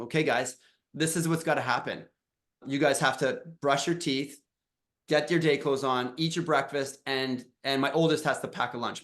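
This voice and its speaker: Emotional dad telling a halting story. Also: male voice, mid-range voice, a bit bright. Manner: emotional, halting, with many restarts. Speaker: dad coach. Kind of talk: personal storytelling in a podcast chat.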